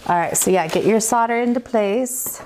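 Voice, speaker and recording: A woman's voice: on the high side, moderate pace, darkish tone, slight background noise. Chatty woman hosting a craft livestream. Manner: chatty, laughs often, talks to viewers. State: tired. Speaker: livestream host, metalsmithing teacher. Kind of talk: casual live chat while teaching.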